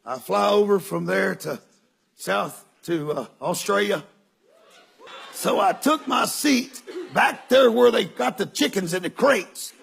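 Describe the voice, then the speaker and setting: An older man preaching, telling stories in an animated way that breaks into shouts and laughter. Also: high voice, slow, vocal fry, slight background noise. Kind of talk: sermon storytelling.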